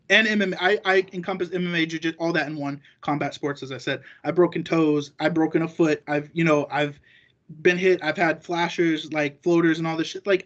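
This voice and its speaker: Guest spot: man with a high voice, rambling and cursing freely, dull muffled recording. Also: fairly bright tone. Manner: rambling and profane, acting out quoted remarks. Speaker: guest, jiu-jitsu competitor. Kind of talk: casual podcast chat.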